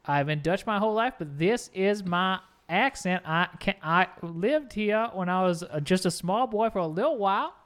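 A man's voice: sits high, animated, normal speed, few pauses, a bit bright. A man doing a rambling drawling lawyer. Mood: defensive. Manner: rambling, hesitant, stumbling courtroom argument. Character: fast-talking male defense lawyer. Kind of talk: improv comedy.

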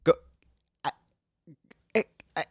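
A man's voice: slow, dry recording, clean studio sound. A man chatting on a comedy podcast, incredulous and exasperated, stammering and acting out other people's voices.

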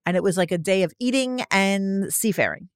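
A woman co-hosting a podcast, chatting casually and laughing easily. Her pitch swoops widely as she talks. The recording is close and dry. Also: expressive, fairly quick, clean tone, no echo. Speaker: podcast co-host. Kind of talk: casual chat.

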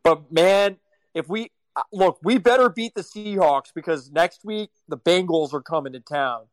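A man's voice: high voice, normal speed, no room sound. Guy on a sports panel stumbling over his words, dry close sound. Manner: stammering restarts, worried. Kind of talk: casual sports chat.

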